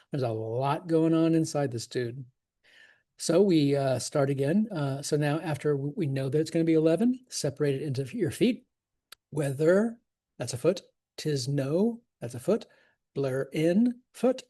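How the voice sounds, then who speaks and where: Laid-back teacher counting syllables, talks slow, kinda husky. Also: mid-range voice, animated, mellow. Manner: casual, enthusiastic, laughs often. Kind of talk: scansion lesson.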